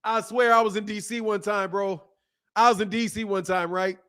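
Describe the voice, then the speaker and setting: High bright-voiced man ranting. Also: normal speed, clean tone. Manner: animated, laughing often, slangy storytelling. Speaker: boxing channel host. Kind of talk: casual commentary to camera. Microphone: camera mic.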